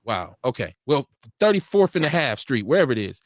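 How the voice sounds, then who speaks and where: Animated, laughing male talk show host. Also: medium pitch, a little fast, no echo, clean studio sound. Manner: animated, laughing storyteller acting out quotes. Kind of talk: casual radio talk show banter. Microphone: studio mic for a live stream.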